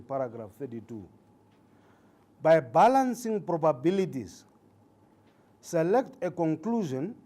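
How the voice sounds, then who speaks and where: Male judge as lecturer: deliberate, emphatic, repeats key points, warm slightly raised voice, occasional fillers. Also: on the high side. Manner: speaks with hesitations and fillers. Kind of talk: legal training lecture.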